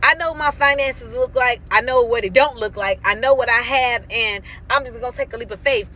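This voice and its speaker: A woman in her thirties giving an animated, emphatic faith testimony on her vlog, acting out quoted dialogue as she tells the story. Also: fairly high pitch, fairly quick, slight background noise. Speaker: vlogger.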